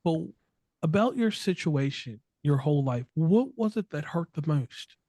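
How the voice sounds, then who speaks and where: A man's voice: fairly high pitch, animated, a little slow, warm tone, no echo. A man in his thirties interviewing a guest, chatty and joking, with long rambling questions. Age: 30s. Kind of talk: casual interview.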